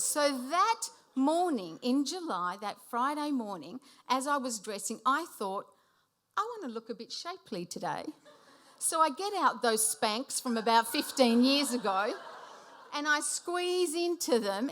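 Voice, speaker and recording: A woman in her late fifties telling a funny personal story on stage to a live audience, animated and often laughing as she speaks. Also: high voice. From Sicilian heritage. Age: 50s. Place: hall before a live audience.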